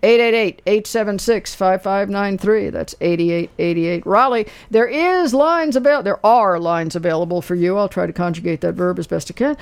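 A woman's voice: mid-range voice, moderate pace, hardly any pauses, clean tone, dry recording. A woman hosting a radio call-in show, chatty and sympathetic, laughing easily. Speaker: radio host. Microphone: studio microphone.

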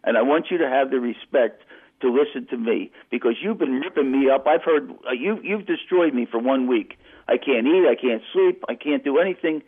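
Husky guy on the phone to a radio show, telling a story all animated, keeps restarting, sounds like a tinny phone line. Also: mid-range voice, a little fast. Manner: animated, stumbling restarts, mimics voices. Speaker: phone-in guest. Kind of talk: casual storytelling on a phone call.

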